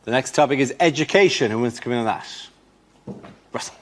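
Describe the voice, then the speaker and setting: A man hosting a comedy panel show, briskly announcing topics and thanking the comedians. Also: mid-range voice. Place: TV studio before a live audience. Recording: studio audience and noise.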